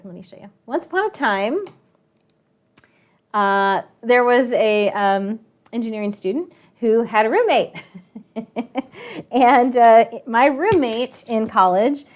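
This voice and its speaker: A woman teacher telling a lively story to her online class, chatty and animated, with frequent laughing asides, over a video call. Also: fairly high pitch. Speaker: math and science teacher.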